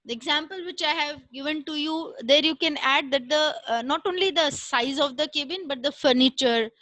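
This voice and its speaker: A woman giving a recorded classroom lecture, explaining step by step with frequent "uh" pauses and "right?" checks. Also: sits high, pushed and bright, no echo, rough recording.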